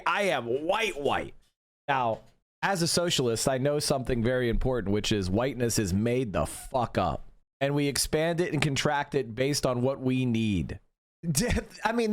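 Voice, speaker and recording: A man's voice: a little high, no room sound. A young man streaming, ranting emphatically and profanely and answering chat. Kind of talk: casual livestream commentary.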